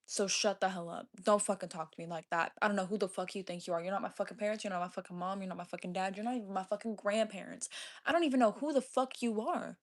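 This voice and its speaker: A woman's voice: mid-range voice, fairly even intonation, fast, hardly any pauses. A woman hosting a casual livestream from her phone, reading the chat and cursing constantly as she argues back at viewers. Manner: profane, confrontational, heavy cursing. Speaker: livestream host. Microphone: phone held away from face.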